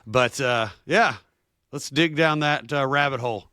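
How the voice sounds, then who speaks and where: Slow Southern-accented man host. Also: mid-range voice, pushed and bright, no room sound, clean studio sound. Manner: slow, easygoing, joking. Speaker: podcast host. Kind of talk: casual interview talk.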